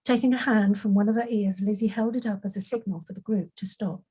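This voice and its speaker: A woman reading her own fantasy story aloud in an unhurried way, now and then correcting a slip. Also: medium pitch, steady tone, mellow, husky, low-quality recording. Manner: unhurried, occasional slips and self-corrections.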